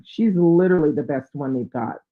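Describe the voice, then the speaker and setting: A woman's voice: low voice, normal speed, soft background music. Chatty woman streamer on a tinny line. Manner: chatty, thinks aloud with fillers. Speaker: book channel host. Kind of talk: live-stream chat reading out viewer comments. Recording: tinny, phone-like sound.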